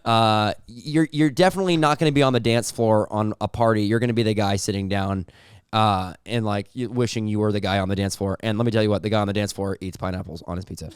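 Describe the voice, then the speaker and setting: A man's voice: fairly low pitch, fast talker, clear, resonant tone, no room sound, studio quality. A man co-hosting a podcast, arguing a playful mock debate in a mock-serious tone, stumbling over repeated words and laughing at his own jokes. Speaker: podcast co-host.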